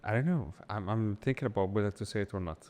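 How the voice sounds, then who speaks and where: A man's voice: lowish voice, quick pace, darkish tone, big-room sound. A man co-hosting a casual podcast, joking and then giving earnest opinions. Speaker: co-host.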